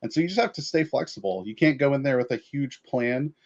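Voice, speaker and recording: A man on a panel giving strategy advice in relaxed casual chat, with lots of fillers. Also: mid-range voice, brisk, muffled recording.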